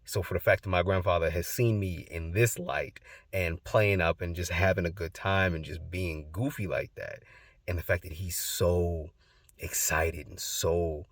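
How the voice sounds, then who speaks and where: A man's voice: low voice, steady tone, a little slow, no room sound, studio quality. A young man hosting his channel, telling a personal story in a loose, rambling way with many fillers. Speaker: host.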